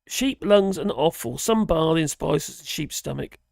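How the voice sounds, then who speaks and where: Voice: medium pitch, animated, moderate pace, creaky, darkish tone, dry recording, studio quality. A live-stream host from Norwich, chatting casually and reacting aloud to viewer comments in a rambling way. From Norwich, England.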